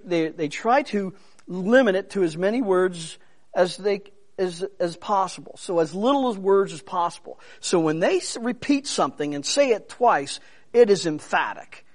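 High voice pastor guy preaching, chatty and emphatic, drops in jokes. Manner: conversational, emphatic, humorous asides. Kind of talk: sermon.

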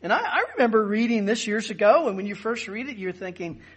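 A man's voice: high-pitched, animated, fast talker, fairly bright tone, slightly rough. A man preaching a sermon as pastor, teaching emphatically and stressing key words.

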